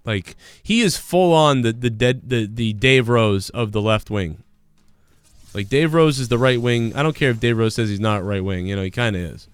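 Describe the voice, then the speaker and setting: A man's voice: on the low side, clear, resonant tone, no room sound. A man chatting casually on a gaming live stream, rambling and getting heated as he retells an argument.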